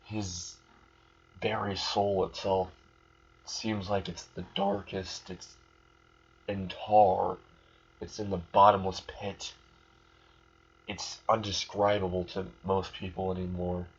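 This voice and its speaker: A man's voice: sits low, level tone, slow, pauses often, husky. A man casually retelling a fan story, rambling along with fillers and restarts. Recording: muffled lo-fi recording.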